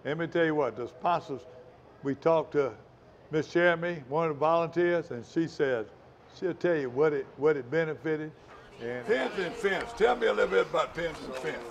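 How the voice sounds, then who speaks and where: Man, fishing show host, rambling folksy chat, slightly high voice. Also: normal speed, gravelly, slight background noise. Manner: rambling, folksy, talks with mouth full. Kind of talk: casual chat.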